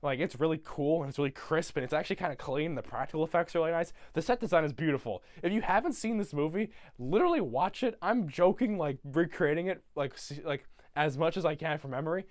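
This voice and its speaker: A man rambling excitedly through a film recap from memory, swearing casually as he goes. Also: fairly high pitch, fast, hardly any pauses. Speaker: channel host.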